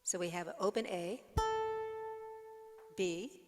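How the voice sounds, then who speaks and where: A woman's voice: on the low side, slow pace, long reverb tail, loud music behind the voice. A woman teaching ukulele over a video call, patiently explaining step by step and humming and counting along. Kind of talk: online music lesson.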